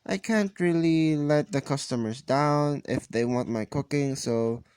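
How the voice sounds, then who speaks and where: A man's voice: a little high, a little slow, a little mellow, clean tone, no echo, studio quality, natural voice. A man voicing a young male cook who talks in a friendly, easygoing, teasing way. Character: young male cook, cocky but good-natured.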